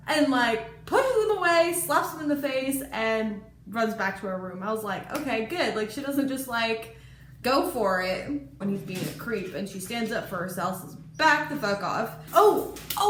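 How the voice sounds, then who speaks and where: A woman chattily retelling a book in a casual vlog, animated and exclamatory, with lots of "like" as filler. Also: a little high. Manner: chatty retelling, heavy use of "like". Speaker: book vlogger. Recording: echoey room with faint noise.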